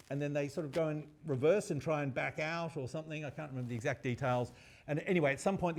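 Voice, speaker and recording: A male university lecturer telling a story in a lively, chatty way. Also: medium pitch.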